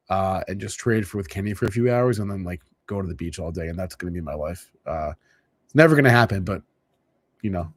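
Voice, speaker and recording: A man's voice: mid-range voice, no echo. Guy hosting a market show, casual, keeps restarting, pretty dry mic. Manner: animated, frequent restarts. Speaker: show host.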